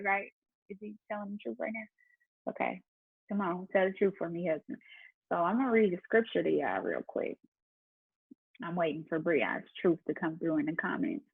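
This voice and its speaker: Husky-voiced woman chatting on a livestream. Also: fairly low pitch, lively intonation, a little fast. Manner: chatty and faith-driven, talking straight to viewers. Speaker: entrepreneur and business mentor. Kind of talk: casual livestream Q&A chat. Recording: tinny phone-like livestream audio.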